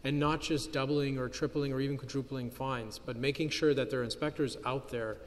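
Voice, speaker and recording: A man's voice: mid-range voice, fairly even intonation, fairly quick, a little hiss or hum. A man asking a polite, long run-on question in a parliamentary debate. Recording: long hall reverb.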